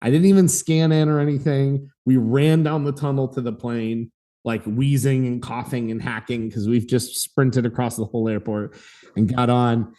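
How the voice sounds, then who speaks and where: A man in his thirties co-hosting a podcast, telling a story in a lively, casual way and acting out the voices in it. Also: medium pitch, moderate pace. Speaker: podcast co-host.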